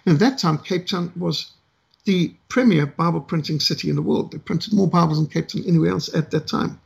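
A middle-aged South African man telling a story from his past, unhurried and pausing often with "uh". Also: on the high side, vocal fry, slightly rough. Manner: unhurried with frequent "uh" pauses. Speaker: ministry speaker. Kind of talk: storytelling testimony.

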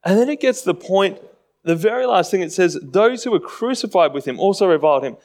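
A man's voice: sits high, expressive, fairly quick, darkish tone. A man preaching a sermon in a conversational way, often acting out mocking voices.

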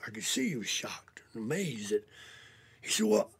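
A man telling a blunt, profane personal story as a show's host, often sinking to a hushed near-whisper. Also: medium pitch, sing-song, moderate pace, vocal fry, slightly rough, no echo.

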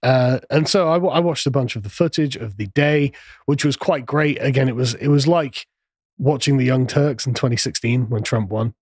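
A man's voice: mid-range voice, moderate pace, darkish tone, husky, no room sound. A man hosting a podcast, talking through politics in a casual, sardonic way. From England. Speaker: podcast host.

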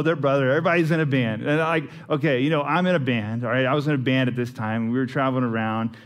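A man, preaching a sermon in a casual, storytelling way with asides to the congregation. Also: medium pitch. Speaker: pastor.

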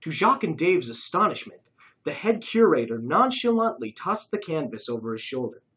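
Lively, bright-toned story narrator. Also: mid-range voice, moderate pace, slightly rough, low-quality recording. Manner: lively, expressive reading.

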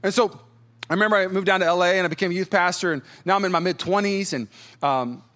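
A pastor preaching a sermon tells a personal story with animation, acting out quotes in different voices. His voice sits high, he moves at a quick pace, and he chuckles often as he talks.

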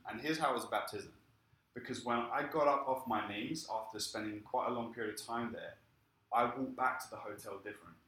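A man preaching a sermon and telling his own story in a lively way. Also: lowish voice, roomy sound, rough recording. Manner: lively storytelling, acting out quoted speech. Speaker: pastor. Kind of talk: sermon with personal testimony.

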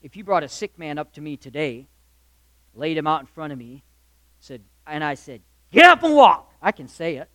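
Emphatic preaching man, high and bright. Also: normal speed, no room sound. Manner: emphatic, swings between loud declarations and quiet asides; addresses listeners directly, asks rhetorical questions. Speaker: pastor. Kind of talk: sermon. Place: church or hall with live congregation.

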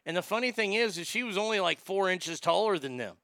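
A man tells candid, rambling family stories to listeners who know him, swearing freely. His voice is gravelly and forceful, with a tense edge. It sounds close and dry, with no room echo. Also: high-pitched, lively intonation, brisk. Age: adult. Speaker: storyteller. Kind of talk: casual storytelling to a familiar audience.

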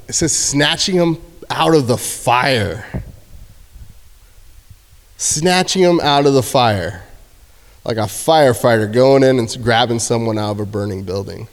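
A man giving a casual youth sermon in a church, joking and acting out shouted quotes. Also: mid-range voice. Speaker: youth speaker. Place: church sanctuary. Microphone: handheld microphone. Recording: hall reverb.

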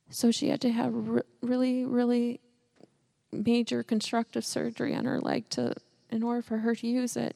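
A woman's voice: a little high, gravelly, a little mellow. A mother sharing a heartfelt church testimony, earnest and emotional.

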